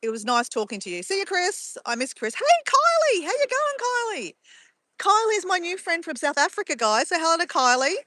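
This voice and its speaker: A woman's voice: high voice, big pitch swings, brisk, sharp tone, dry recording. A woman streaming live from her phone outdoors at sunrise, chatting casually and reading out viewers' messages. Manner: chatty, greets viewers by name and reads chat aloud.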